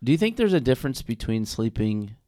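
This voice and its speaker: A man's voice: medium pitch, big pitch swings, a little fast, dark tone, no echo, clean studio sound. A man co-hosting a podcast, chatting casually in a playful, teasing way into a desk mic. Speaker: podcast co-host. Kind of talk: casual chat. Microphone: desk microphone.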